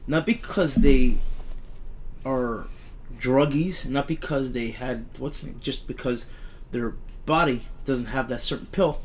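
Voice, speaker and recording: A man's voice: medium pitch, unhurried, slight background noise. A middle-aged father chatting as a podcast guest, telling stories in a rambling way with many restarts. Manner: rambling storyteller, frequent restarts. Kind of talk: casual chat.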